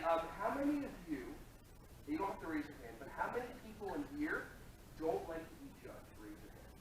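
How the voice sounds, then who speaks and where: A man giving an energetic, jokey workshop talk to a live audience and addressing the room directly. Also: a little high. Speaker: early childhood workshop presenter. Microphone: distant from the microphone. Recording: very echoey room audio from far off, faint noise.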